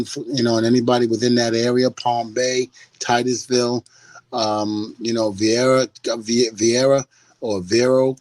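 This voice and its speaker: A man's voice: medium pitch, darkish tone, dry recording, rough recording. A middle-aged man on a podcast, talking casually and animatedly, laughing and mimicking people as he tells stories. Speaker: podcast guest.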